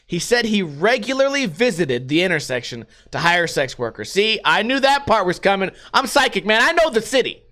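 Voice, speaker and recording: A young man from the United States hosts a casual solo podcast, telling profane stories through bursts of laughter. His voice is high and bright, and his pitch swings widely. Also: very animated, moderate pace, few pauses. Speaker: podcast host.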